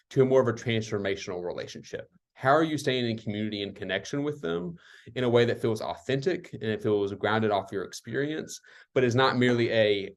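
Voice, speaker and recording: A man's voice: mid-range voice, brisk. A man speaking on an online community call, reflective and loose, with many fillers like "um" and "like". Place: worked at retreat centers.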